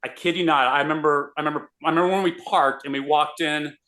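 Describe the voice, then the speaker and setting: A man, a radio host, telling an animated story in a casual interview. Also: on the high side, fast talker. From Austin, Texas. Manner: animated, excitable storyteller with many restarts.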